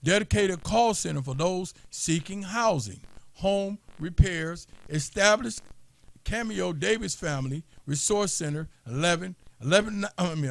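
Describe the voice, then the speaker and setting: Man, high-pitched, gravelly, emphatic talk-show commentary. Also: dry recording. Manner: emphatic, repeats points for listeners. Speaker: political talk show co-host. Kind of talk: casual political commentary.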